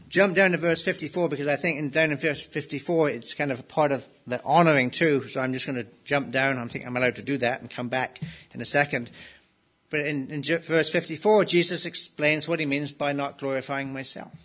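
A man delivers an expository sermon in a voice pitched a little above most men. He preaches emphatically and gives quoted lines a dramatic, rising intensity. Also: steady tone, normal speed, a bit bright. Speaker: pastor.

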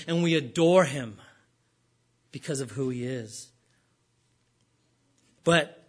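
A man preaching a sermon with a fairly high voice. He speaks earnestly, rising and pressing on key points, then slowing and falling quiet. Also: slightly rough. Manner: earnest preaching, rising for emphasis then dropping low and slow.

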